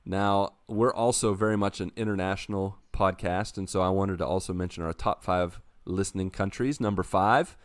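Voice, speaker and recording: A low-pitched man hosts a casual podcast chat, upbeat and joking as he reads out listener numbers and steers the talk. His voice is close and dry, with no room around it. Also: fairly even intonation, moderate pace, few pauses, dry recording. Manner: jokey, upbeat, runs the segment. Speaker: podcast host.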